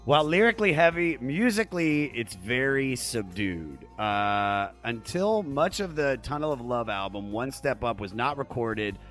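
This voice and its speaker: A man's voice: medium pitch, animated, moderate pace, hardly any pauses, fairly bright tone, faint music behind. A man hosting a podcast, laughing along with his guest and then talking about a song. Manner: laughs along, swears casually. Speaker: podcast host. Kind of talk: casual chat and music commentary.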